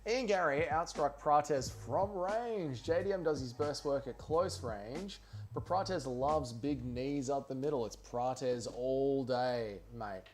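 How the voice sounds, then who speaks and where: A man's voice: medium pitch, slow. A man hosting a casual livestream watch party, tipsy and rambling loosely with plenty of swearing. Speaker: livestream host.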